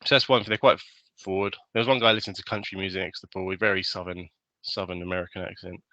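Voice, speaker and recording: A man's voice: low voice, very fast, dry recording, muffled recording. A young British man co-hosting a podcast, chatting casually and telling stories with little impressions of people. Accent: British English. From Britain. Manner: animated storytelling, mimics others. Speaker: podcast co-host. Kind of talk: casual chat.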